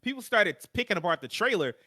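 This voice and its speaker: A man co-hosting a gaming podcast in a relaxed, rambling, wry casual chat. His voice is bright and forceful, and the sound is dry and close. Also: high-pitched, fast, no echo. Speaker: podcast co-host.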